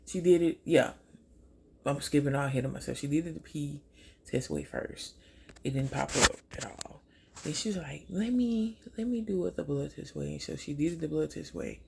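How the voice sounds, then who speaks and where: A young woman from Louisiana tells a story while doing her makeup. She jumps up into a high voice whenever she quotes people. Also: gravelly, dark tone, a little hiss or hum. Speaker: vlogger.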